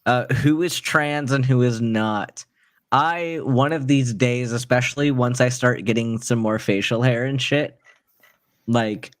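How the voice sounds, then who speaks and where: A man from Wisconsin with a middle-pitched, ordinary voice. He rambles and restarts his sentences as he chats casually with friends. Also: a little slow. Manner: rambling, self-interrupting storyteller. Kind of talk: casual group chat.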